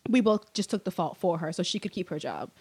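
A young woman talks fast and loose, spilling a story in casual chat. She laughs a lot and jumps into loud, high-pitched voices when she quotes people. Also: expressive, husky. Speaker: guest.

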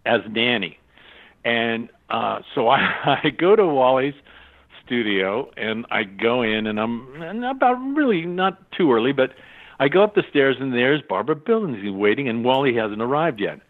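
A man's voice: mid-range voice, normal speed. Older man telling stories over a tinny line. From California. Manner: animated, acts out other people's voices in his stories. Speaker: voice actor guest. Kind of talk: anecdotal storytelling. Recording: tinny phone-line sound.

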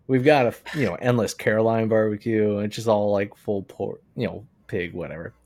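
A man's voice: on the low side, steady tone, fairly quick, a little mellow. A man hosting and editing a podcast, chatting in a laid-back, teasing way. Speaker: podcast host and editor. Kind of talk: casual podcast chat.

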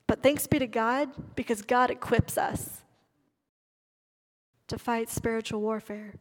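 Woman preacher, slightly high, emphatic sermon, long hall reverb. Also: steady tone. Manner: emphatic, stresses key words with slowed delivery.

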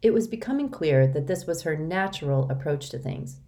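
A woman narrating a children's novel in a steady, expressive reading. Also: low-pitched, normal speed, hardly any pauses. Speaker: audiobook narrator. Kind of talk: storybook narration.

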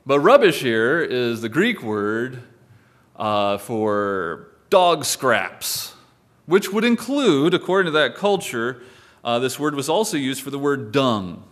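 A man's voice: mid-range voice, very animated, takes it slowly. A male pastor preaching a sermon in a conversational way, with wry asides to the congregation.

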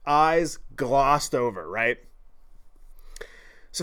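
A man telling a story in a podcast monologue, animated, profane and self-deprecating. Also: mid-range voice, takes it slowly, long pauses, clean tone. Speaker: podcast host.

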